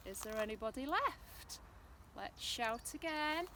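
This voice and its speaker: A woman presenting a play activity for small children, talking in a slow, exaggerated sing-song. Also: a little high, expressive, noisy background.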